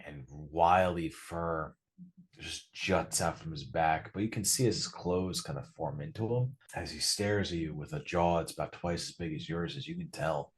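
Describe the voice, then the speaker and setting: A man narrating a tabletop horror game as game master, in a loose, drawn-out way with many fillers. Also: a bass voice, slightly rough.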